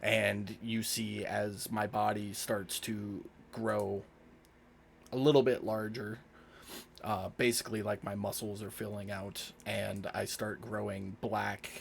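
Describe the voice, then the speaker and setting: A man's voice: lowish voice, little pitch movement, slow, vocal fry, slight background noise. A man at a tabletop game describing his character's actions in first person, in a laid-back manner with loose fillers. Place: home streaming setup.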